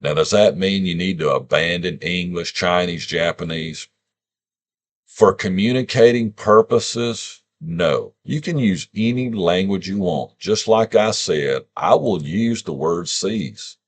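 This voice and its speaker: A man's voice: deep voice, takes it slowly. A man teaching a scripture lesson in an informal way, sounding out words and asking rhetorical questions.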